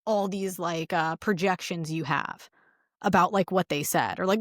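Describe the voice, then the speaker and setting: A woman's voice: on the low side, normal speed, no echo, studio quality. A woman in her thirties co-hosting a podcast, chatting casually with lots of fillers and acting out quoted dialogue. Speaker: podcast co-host. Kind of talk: casual chat.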